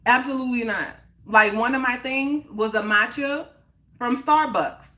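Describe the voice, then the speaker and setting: Bright, emphatic woman hosting a live stream. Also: a little high, measured pace. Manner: emphatic, repeats points for emphasis; reads and answers the chat. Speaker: livestream host. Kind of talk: casual live-stream chat to viewers.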